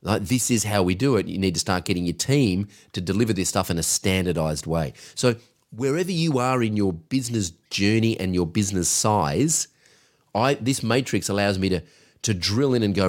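A man's voice: lowish voice, expressive, moderate pace. A man co-hosting a business podcast, coaching in an emphatic, directive way. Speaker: podcast co-host, agency coach.

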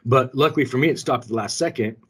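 Husky-voiced man telling rambling stories. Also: medium pitch, quick pace, a bit bright. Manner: rambling storytelling with many fillers and restarts. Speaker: co-host. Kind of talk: casual call-in show chat.

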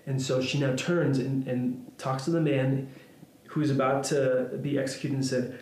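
A man preaching a sermon, retelling a story in an earnest, halting way with many restarts. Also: medium pitch, flat delivery, darkish tone. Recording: echoey room with faint ambient noise.

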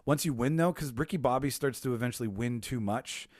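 A man's voice: mid-range voice, a little fast, a little mellow, dry recording, clean studio sound. A man co-hosting a podcast on a video call, rambling loosely and swearing in casual debate. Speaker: podcast co-host. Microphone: home mic on a video call.

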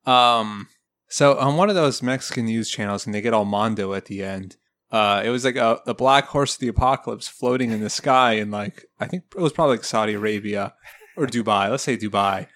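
A man's voice: on the low side, a little fast, a bit bright. A man co-hosting a casual comedy podcast who tells rambling stories and drops dry jokes. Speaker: podcast co-host.

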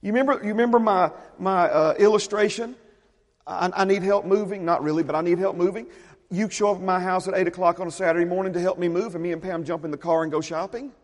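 Man, pastor, high voice, emphatic sermon, repeats phrases, long church-hall reverb. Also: fairly even intonation, fast talker. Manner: emphatic preaching, repeats phrases, drops to a hush.

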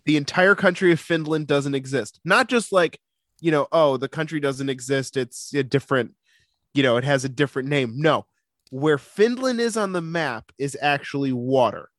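A playful man co-hosting a casual podcast, laughing often and winding up a wild story. His voice sits fairly high, and the recording is dry and close. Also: moderate pace, a bit bright, no room sound. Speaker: podcast co-host. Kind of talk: casual chat.

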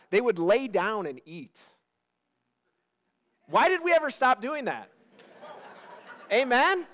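A man preaching a sermon, joking and talking directly to his congregation. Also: high voice. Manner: lively, joking, talks to the congregation. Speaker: pastor.

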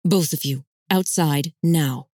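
Woman playing firm motherly matron, commanding, low voice, audiobook. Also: lively intonation, a little slow, darkish tone, breathy edge, no echo, studio quality. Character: firm motherly older woman, head of the house.

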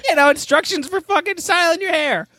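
Talking fairly quickly in an extremely high-pitched voice, a comedy podcast co-host rambles through a crude story laced with swearing and exasperation. Loud free jazz music runs behind the recording.

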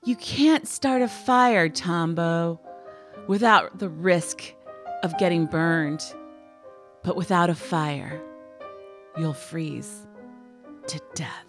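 Playful middle-aged woman podcast host, lots of laughs, lowish voice, faint music underneath. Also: slow. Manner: laughs often, playful, mock-dramatic. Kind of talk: comedic podcast banter and dramatic book reading.

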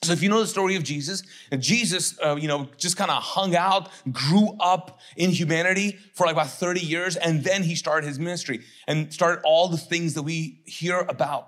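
Joking, high-voiced male pastor. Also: moderate pace, few pauses, fairly bright tone. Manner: joking, conversational, acts out voices of others. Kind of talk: sermon.

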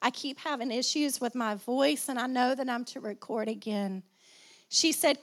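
A woman pastor with a high, light voice preaches to her congregation. She repeats phrases for emphasis and calls out for responses, and a slight cough sits in her throat. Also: moderate pace. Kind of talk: sermon.

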